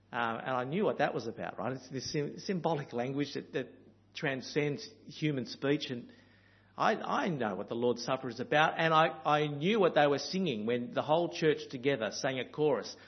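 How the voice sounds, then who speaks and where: A man's voice: mid-range voice, lo-fi sound. A man from Australia with an Australian accent, preaching a sermon in an earnest, storytelling way with frequent ums and uhs.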